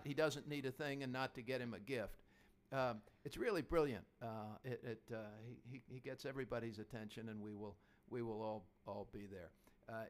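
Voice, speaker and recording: A man's voice: mid-range voice, fairly bright tone, smooth. A man in his fifties hosting a podcast, talking casually about investing in a chatty, anecdotal way. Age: 50s. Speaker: podcast host.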